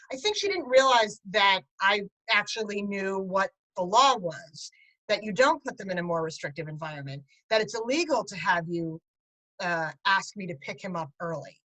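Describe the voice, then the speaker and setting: A middle-aged woman, a guest on an interview show, telling a story about her son in an animated way with bursts of laughter. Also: medium pitch, poor audio. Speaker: guest, parent and writer. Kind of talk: conversational interview.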